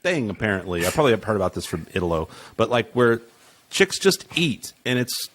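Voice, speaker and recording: A man's voice: on the low side, very animated, fairly quick, fairly bright tone, a little hiss or hum. A man hosting a podcast in casual chat, rambling and crude, laughing often.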